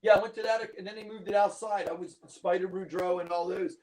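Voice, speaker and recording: A man hosting an interview in casual chat, eager and quick to chime in with agreement. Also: sits high, steady tone, darkish tone, poor audio. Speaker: interview host.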